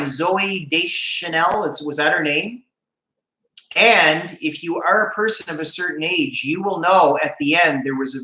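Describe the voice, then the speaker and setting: Bright-voiced chatty man in an echoey room. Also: fairly high pitch. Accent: Canadian. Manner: chatty, rambling, jokey, laughs often. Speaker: YouTube channel host on a live stream. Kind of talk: casual livestream chat, reading viewer comments.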